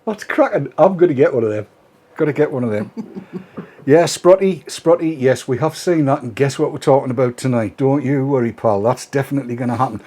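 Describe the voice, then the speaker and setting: A man's voice: medium pitch, a little fast, mellow. A man hosting a casual live stream, chatty and teasing as he brings in his guests. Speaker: host.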